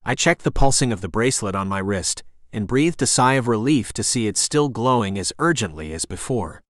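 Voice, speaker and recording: A man reading a first-person fantasy audiobook in a steady, gritty storytelling manner. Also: fairly low pitch, a little fast, dry recording, studio quality. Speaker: audiobook narrator.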